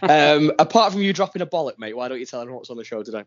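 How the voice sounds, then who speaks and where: A man's voice: fairly high pitch, animated, racing, dull audio. A man co-hosting a podcast with casual, teasing banter. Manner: teasing, playful. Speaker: podcast co-host.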